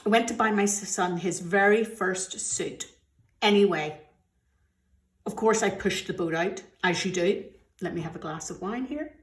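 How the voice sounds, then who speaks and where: A middle-aged woman from the UK talks openly and chattily as she counts out cash for her weekly budget. Her voice sits at an ordinary middle pitch, and the recording has a roomy, echoey quality from a room at home. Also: unhurried. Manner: chatty, candid, gets emotional. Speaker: budgeting vlogger. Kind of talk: casual chat while counting cash.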